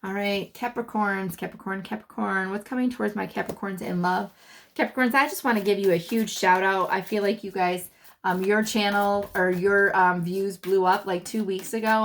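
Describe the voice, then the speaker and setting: Female tarot reader, mid pitch, chatty, loose, thinking aloud with fillers. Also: a little hiss or hum. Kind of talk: casual tarot reading.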